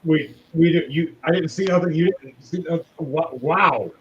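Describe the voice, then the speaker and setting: A man's voice: fairly high pitch, fairly bright tone, highs cut off, slight background noise, close to an everyday voice. A man doing a flustered werewolf. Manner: hurried, stammering.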